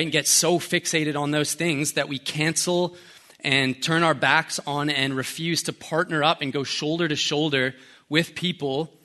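A young man preaching a casual, story-driven sermon. His voice is bright and sits a touch high, lively and full of slang. He moves freely between jokes and earnest points. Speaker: pastor. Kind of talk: conversational sermon.

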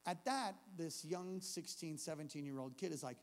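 A man preaching a storytelling sermon at a church service, animated, swinging from hushed narration to shouting. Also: a little high, normal speed, long reverb tail. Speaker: pastor.

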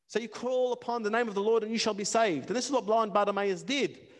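A man preaching a passionate sermon, repeating words and building to near-shouts. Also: high-pitched, fast. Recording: long reverb of a hall.

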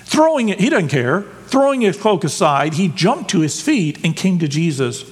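Pastor, male, fairly high voice, animated emphatic sermon delivery, church hall reverb. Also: moderate pace, slightly rough. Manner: animated, emphatic preaching with rhetorical questions. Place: church sanctuary.

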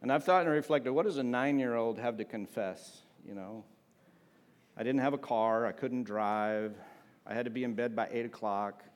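A pastor preaching with casual humor. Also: male voice, mid-range voice, moderate pace. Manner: conversational preaching with humor, asking the congregation for amens. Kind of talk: sermon.

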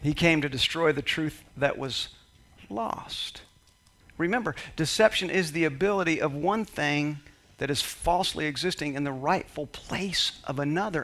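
A male pastor preaching a sermon, emphatic, dropping quiet then rising to shouts. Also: on the high side, moderate pace.

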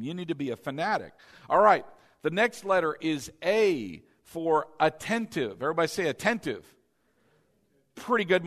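Preacher with high voice in echoing hall. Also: male voice, a bit bright. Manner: call-and-response with congregation, conversational storytelling. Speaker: pastor. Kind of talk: sermon. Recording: long reverb of a church hall.

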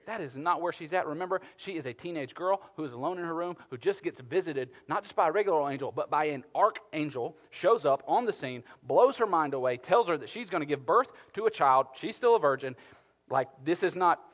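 A male pastor preaching a sermon, swinging between loud emphasis and hushed tones. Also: fairly high pitch, lively intonation, brisk. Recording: long hall reverb.

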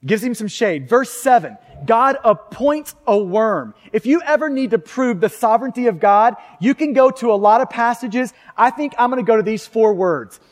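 A man's voice: very high-pitched, expressive, fairly quick, few pauses. A man preaching a sermon, talking conversationally and asking the congregation rhetorical questions. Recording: long hall reverb.

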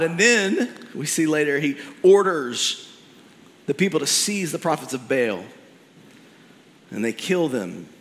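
A man preaching a sermon as pastor, telling a story in an animated way with casual slang. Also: on the high side, unhurried, pauses often, long reverb tail.

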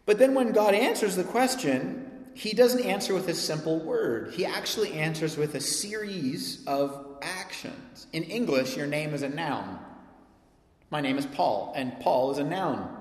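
Pastor, male, emphatic sermon delivery, slightly high voice, recorded in a reverberant church hall. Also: a little slow. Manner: animated, emphatic preaching with sudden loud peaks and soft drops. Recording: echoey hall sound.

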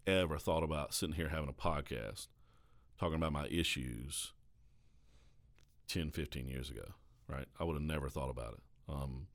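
Deep-voiced Southern American pastor, earnest. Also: male voice. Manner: earnest, confessional, keeps tagging questions. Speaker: pastor and podcast host. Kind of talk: casual podcast conversation.

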